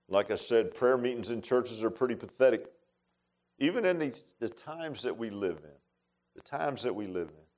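A man preaching a sermon in a folksy, emphatic way, with many asides to the congregation. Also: lowish voice. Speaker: pastor.

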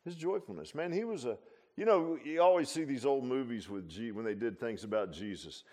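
A man preaching an informal sermon as pastor, animated and folksy, tossing in laughs and rhetorical asides. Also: mid-range voice, fairly quick.

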